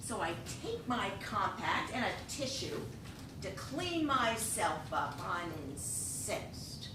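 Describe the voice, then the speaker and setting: Animated woman telling a comic story. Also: takes it slowly. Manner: animated, laughs often while telling. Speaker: storyteller on stage. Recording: echoey hall, voice from a distance, rumbling noise.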